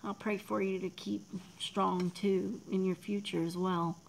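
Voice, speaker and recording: A woman, chatting casually on a livestream, emotional and soft, often dropping to a near whisper as she thanks viewers in chat. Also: mid-range voice, flat delivery, measured pace, gravelly, slight background noise, rough recording. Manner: emotional, talks softly, drops to near whispers. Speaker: livestream host.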